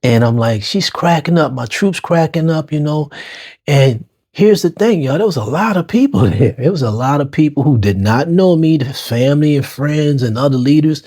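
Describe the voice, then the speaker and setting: A middle-aged man from New Orleans's Lower Ninth Ward with a New Orleans accent, hosting his own show and telling a personal story in a casual, slangy way, talking straight to listeners. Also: animated, moderate pace, darkish tone. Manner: casual, street-slang phrasing, talks to listeners as y'all. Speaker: podcast host.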